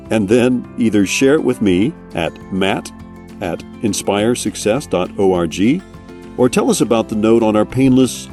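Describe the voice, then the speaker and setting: A man hosting a podcast, reading scripted narration in a calm, measured way. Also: lowish voice. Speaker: podcast host.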